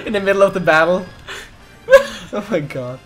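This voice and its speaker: A young man casually commentating a co-op platform game, excitable, cursing often and bursting into loud laughter. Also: high-pitched, slow, over music. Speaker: gaming video host. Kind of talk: casual let's-play commentary.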